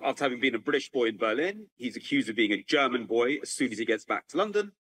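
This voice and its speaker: A man giving a public lecture, telling a story in a lively, animated way with frequent restarts. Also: mid-range voice, rough recording. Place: at home with a computer, remote talk.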